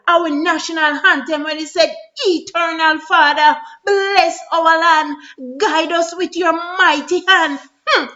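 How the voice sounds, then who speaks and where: Jamaican woman vlogger, high bright voice, sing-song pleading lament on a dull lo-fi recording. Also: slow. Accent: Jamaican Patois. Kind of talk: spoken-word lament.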